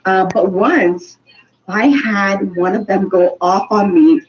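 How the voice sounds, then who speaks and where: A woman, a co-host and teacher, telling animated stories in casual chat and laughing often. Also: mid-range voice, takes it slowly, a little hiss or hum. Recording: dull lo-fi sound, distant from the mic.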